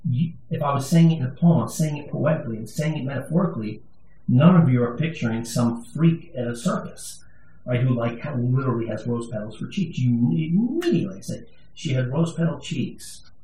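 A man's voice: mid-range voice, lively intonation, brisk, mellow. A male pastor giving a sermon, conversational and emphatic, with touches of humor. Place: church sanctuary. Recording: echoey room, voice from a distance.

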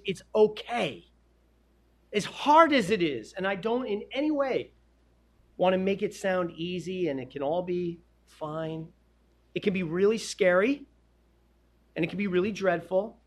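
A man preaching a sermon, swinging between loud emphatic peaks and hushed, quiet drops. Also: high-pitched, unhurried.

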